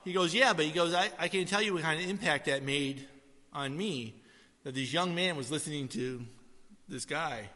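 Bright-voiced pastor preaching in a hall. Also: male voice, on the high side, normal speed. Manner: conversational storytelling with asides to the congregation. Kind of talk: sermon. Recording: long hall reverb.

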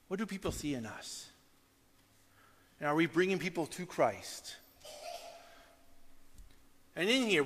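A man preaching to his congregation in a high, bright voice. He tells stories with energy and breaks into loud outbursts. The sound rings out with the long reverb of a big hall. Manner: storytelling, animated with sudden loud outbursts. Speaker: pastor. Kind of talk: sermon.

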